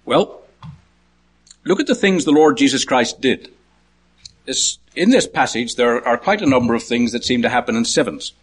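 Preaching a sermon at a moderate pace in a slightly rough voice, a man counts off points through a passage. He raises his voice high to call out quoted words and drops it low for quiet asides.

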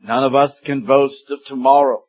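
A man in his seventies preaching a sermon, slow and deliberate, rising suddenly into loud emphatic peaks. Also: medium pitch, fairly even intonation. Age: 70s. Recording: dull lo-fi sermon recording.

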